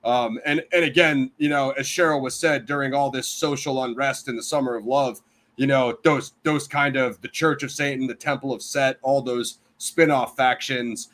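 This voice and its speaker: A man's voice: medium pitch, fairly even intonation, moderate pace, fairly bright tone. American male panelist, chatty and rambling, mid-range voice, casual discussion. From United States. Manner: rambling, heavy on "you know" and "I mean". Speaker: panel guest.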